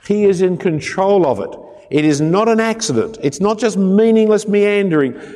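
Male preacher, emphatic delivery, joking asides, fairly high voice, animated pitch, long hall reverb. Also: normal speed. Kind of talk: sermon.

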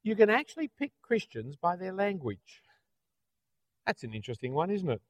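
Australian preacher with a raised voice. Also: male voice, sits high, very animated, normal speed, dry recording. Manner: conversational, with rhetorical tag questions. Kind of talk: sermon. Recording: dull, dry, lo-fi.

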